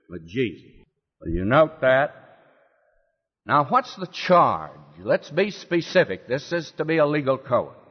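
Slow, animated preacher in a hall. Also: male voice, a little high. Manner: dramatic, acts out the quoted lines; rhetorical questions to listeners. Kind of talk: expository sermon. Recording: dull lo-fi hall recording.

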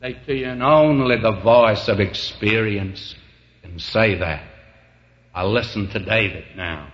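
A male preacher delivers a sermon in an unhurried, folksy storytelling manner. He keeps returning to "may I say to you" as his voice swells to fervent emphasis. The recording sounds dull and lo-fi. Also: fairly low pitch. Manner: repeats the phrase "may I say to you".

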